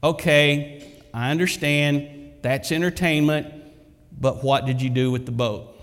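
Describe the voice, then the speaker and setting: A man's voice: a little high, fairly even intonation, a little slow, a bit bright. A man doing a cocky heckling parrot. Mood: dry. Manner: blurting, mocking. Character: smart-mouthed heckling parrot, small and cocky. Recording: echoey hall.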